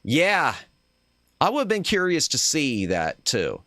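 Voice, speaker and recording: A man's voice: a little high, wildly swooping pitch, slow, sharp tone, no echo, studio quality. A man hosting a casual chat stream, talking in a rambling, opinionated way that trails off and restarts as he goes. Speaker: streamer host.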